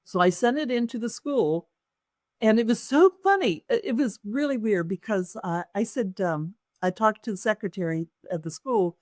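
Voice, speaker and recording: Woman author, animated storyteller, dry close recording, interview guest. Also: medium pitch, moderate pace, no room sound. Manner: lively storyteller who acts out other people's lines. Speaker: author and business owner.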